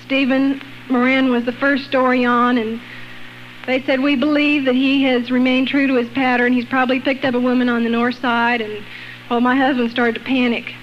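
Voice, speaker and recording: A woman with a high, bright voice tells her testimony with energy and acts out the people she quotes. The recording is dull and lo-fi. A faint hiss runs underneath. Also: normal speed. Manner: lively, acts out quoted voices, laughs between lines. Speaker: guest sharing a personal testimony. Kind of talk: animated storytelling testimony.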